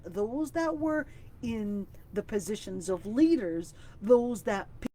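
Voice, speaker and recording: A woman's voice: medium pitch, expressive, takes it slowly, dark tone, slight background noise. Woman teaching Quran exegesis online. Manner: explains word by word, rising to emphasize Arabic recitations. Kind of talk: online tafseer class. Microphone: video call.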